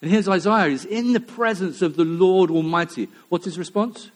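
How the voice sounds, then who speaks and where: Man preaching with swelling, hushed dynamics. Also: sits high, normal speed. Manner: impassioned preaching that swings from loud to hushed, with repeated phrases. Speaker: pastor. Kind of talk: sermon.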